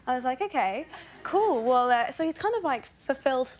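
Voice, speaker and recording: A woman's voice: high voice, fast talker, slight background noise. Giggly young English woman. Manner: giggly, hedging with fillers. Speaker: guest actress. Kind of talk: talk show interview.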